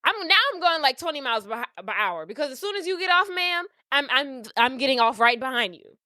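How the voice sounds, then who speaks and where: A woman telling a story as a podcast host, animated and profane, acting out what people said. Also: high-pitched, a little fast, no echo, clean studio sound. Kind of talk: casual storytelling.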